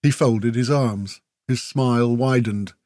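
A man narrating a fantasy story with steady, vivid emphasis. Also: mid-range voice, slow pace, no echo, studio quality. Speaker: audiobook narrator. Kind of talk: scripted narration.

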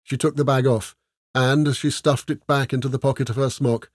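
A man narrates a comic fantasy tale with wry, measured timing. His voice sits at an ordinary middle pitch. The sound is dry and close-miked. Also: little pitch movement, no room sound. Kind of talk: storytelling audiobook narration.

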